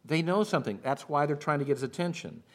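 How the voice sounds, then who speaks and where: A man's voice: on the high side, fast. Man preaching a verse-by-verse sermon. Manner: expository preaching, acts out shouted quotes. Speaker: pastor.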